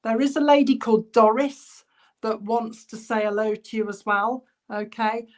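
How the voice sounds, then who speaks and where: A woman working as a spiritualist medium in an online church service, passing on spirit messages in a halting, chatty way and addressing viewers by name. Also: a little high. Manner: halting, relays spirit messages with many ums. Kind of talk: online church clairvoyance reading.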